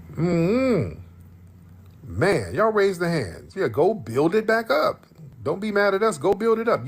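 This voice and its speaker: A man's voice: fairly high pitch, slightly rough. A man from the United States hosting a livestream, ranting in heated, profane reaction commentary and repeating his points for emphasis. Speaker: livestream host.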